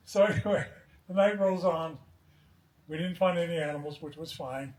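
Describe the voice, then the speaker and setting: A man's voice: high voice, steady tone, unhurried, long pauses. A man giving a joking eulogy outdoors at a memorial gathering, telling stories with a chuckle. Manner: chuckling anecdotal storytelling. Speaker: eulogy speaker. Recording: echoey, distant, crowd behind.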